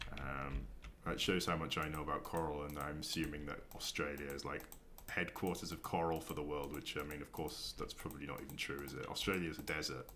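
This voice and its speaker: A man's voice: a bass voice, a bit bright, a little hiss or hum. A young man chatting casually as a game streamer, rambling and thinking aloud with lots of ums. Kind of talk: casual chat while building in a video game. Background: faint keyboard clicks and typing.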